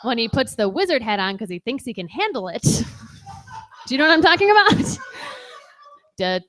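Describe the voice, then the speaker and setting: A woman's voice: fairly high pitch, big pitch swings, normal speed, fairly bright tone. A young woman doing a bawdy stand-up comedy set on a bar stage, telling a story with laughs. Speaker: stand-up comic.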